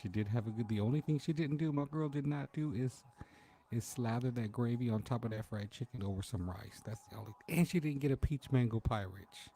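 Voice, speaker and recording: A man's voice: medium pitch, a little fast, dark tone. A man hosting a casual late-night livestream from home, chatting in a laid-back way and greeting viewers by name. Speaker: livestream host.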